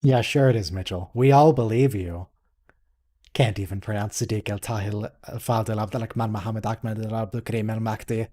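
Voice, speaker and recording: An American man hosts a casual live watch-along, playfully teasing a viewer and coaching their pronunciation. His voice is on the low side and dark in tone, with fairly even intonation and a slightly fast pace.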